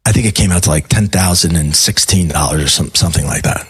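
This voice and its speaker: A man's voice: low-pitched, quick pace, a bit bright, breathy edge, no room sound. A middle-aged man, a life coach and podcast guest, telling a personal story emphatically and acting out his own quoted words. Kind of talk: storytelling in a casual interview.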